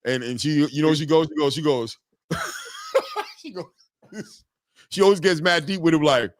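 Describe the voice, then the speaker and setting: A man with a slightly high voice hosts a loose chat. He is playful and teasing but asks pointed questions. His sound is dry and close. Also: big pitch swings, measured pace, no echo. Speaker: host. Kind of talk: casual interview chat.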